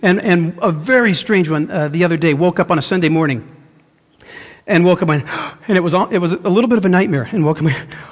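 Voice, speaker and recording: A man's voice: high-pitched, quick pace, long reverb tail. A man preaching a sermon as pastor, telling a personal story earnestly with frequent restarts.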